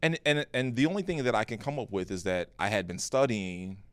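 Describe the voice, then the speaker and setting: A man, a pastor co-hosting a podcast, telling a personal story in an earnest, animated way with frequent restarts. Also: on the low side, a little fast, clear, resonant tone, no echo. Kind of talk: casual podcast conversation.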